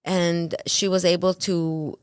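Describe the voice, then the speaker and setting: A woman on a podcast telling running stories in casual chat, animated and full of "like", acting out quotes. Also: lowish voice, takes it slowly, smooth, no echo, studio quality. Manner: animated, acts out quotes, lots of "like". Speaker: podcast guest, ultrarunner.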